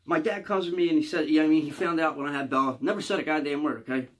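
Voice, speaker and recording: A man with a Philadelphia accent rattles off a storytime monologue at a quick clip, his voice sitting a little higher than most men's. He rambles and swears freely, tacking "okay?" and "you know what I mean?" onto nearly every thought. It sounds like a stand-up comedian spinning yarns from his own life. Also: fairly bright tone. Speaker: comedian telling stories.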